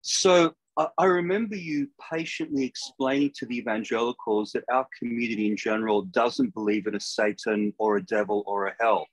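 An older man hosting an interview over a video call, speaking in a measured, thoughtful way. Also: fairly low pitch, fairly even intonation, no echo, rough recording. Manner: measured, thoughtful, with small restarts. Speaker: podcast host.

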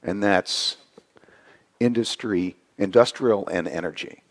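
Deep-voiced man giving a conference talk. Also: slow. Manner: conversational, frequent "right?" tags. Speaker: conference speaker. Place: conference hall.

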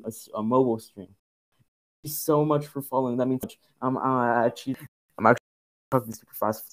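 A man's voice: mid-range voice, dry recording, low-quality recording. A young man streaming a horror game, thanking followers and repeating himself nervously as he plays. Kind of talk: casual live game commentary.

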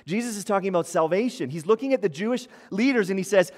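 Man in his thirties, pastor, conversational sermon, fairly high voice, long hall reverb. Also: lively intonation, fast talker, few pauses, darkish tone. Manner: conversational preaching with acted-out quotes. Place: church hall.

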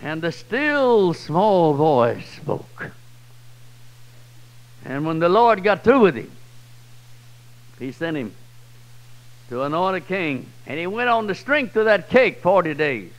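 A man with a Southern US accent preaching a sermon, swinging from loud, high cries to low, quiet passages. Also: big pitch swings, measured pace, long pauses, low-quality recording. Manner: swells loud and high then drops low and soft. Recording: old 1990s church tape.

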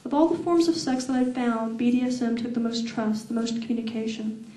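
At a fan event, a woman author reads from her own novel slowly and deliberately, with a sensual lilt. Her voice is mellow and a little high, recorded from a distance in an echoey room.

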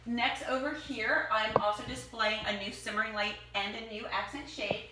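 A woman's voice: fairly high pitch, steady tone, moderate pace. Gushing woman doing a product show-and-tell, far from the mic, big echo, some noise. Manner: enthusiastic, chatty, gushing over items. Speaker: product demonstrator. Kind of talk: casual product showcase. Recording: echoey room, distant mic, noisy.

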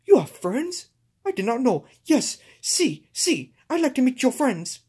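A woman's voice: sits high, big pitch swings, warm tone, breathy edge, heavily acted. A woman voicing a cheerful male cactus with a put-on Spanish accent, dropping Spanish words in home toy play-acting. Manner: sprinkles Spanish words, drawn-out "oh, see". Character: cheerful male Mexican cactus, friendly and easygoing.

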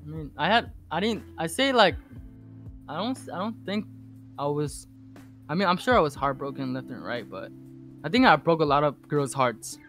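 Bright high-voiced man telling a rambling story. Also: normal speed, soft background music. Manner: rambling, heavy swearing, animated retelling. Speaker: podcast guest. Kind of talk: casual storytelling interview.

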